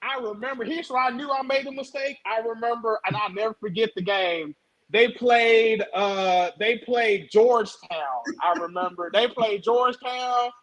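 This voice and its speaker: A man with a very high voice hosts a casual podcast chat. He tells his story in an animated way, stumbling over repeated words and restarting often. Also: moderate pace, low-quality recording. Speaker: podcast host.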